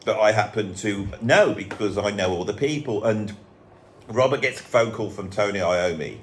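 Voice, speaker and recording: Animated English man hosting a chat. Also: on the low side, moderate pace, a little hiss or hum. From England. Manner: animated, jokey, rambling. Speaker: host. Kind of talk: casual chat.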